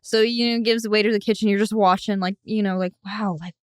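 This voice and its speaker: A woman's voice: mid-range voice, clear, resonant tone, no echo, clean studio sound. A woman guest in a casual podcast chat, telling a made-up scene with playful sound effects and explaining it over and over. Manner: animated storyteller, makes sound effects, quick to explain.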